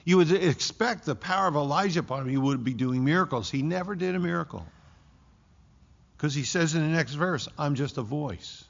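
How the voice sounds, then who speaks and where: Older man, gravelly voice, sermon, slow scripture reading, slightly dull recording. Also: on the high side. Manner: preaching with rising emphasis and slow drawn-out scripture quotes. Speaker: pastor.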